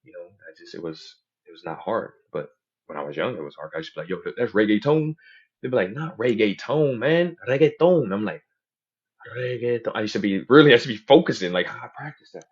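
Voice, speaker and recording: A man talks through a casual podcast in a low, husky voice. He tells his stories with energy and drops into other people's voices whenever he quotes them. The recording sounds dull and lo-fi. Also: expressive, fast. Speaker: podcast host. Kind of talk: casual chat.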